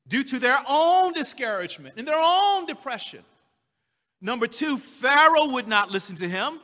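A man's voice: extremely high pitch, pushed and bright, big-room sound. A man preaching a sermon, emphatic, acting out the voices of the figures in the scripture he reads. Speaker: pastor.

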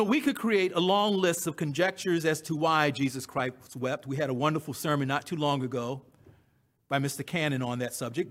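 A man's voice: on the high side, a bit bright. A man preaching a sermon, repeating key phrases with emphasis. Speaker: pastor.

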